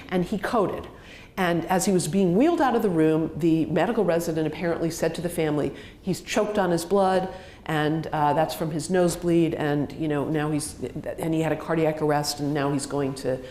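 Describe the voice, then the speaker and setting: A woman physician giving a grand rounds lecture, talking in an animated way, acting out bits of dialogue and using plenty of fillers. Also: on the low side, echoey room, a little hiss or hum. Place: hospital lecture hall.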